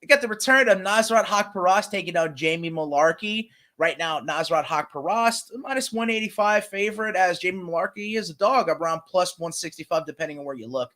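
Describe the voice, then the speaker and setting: A man's voice: sits high, a little fast, few pauses, bright, forceful tone. A man co-hosting a podcast, chatting casually about fight picks in a chummy, rambling way with lots of fillers. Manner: chummy, calls his co-host brother and man; loose, rambling delivery with fillers and restarts. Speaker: podcast co-host. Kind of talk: casual sports betting chat.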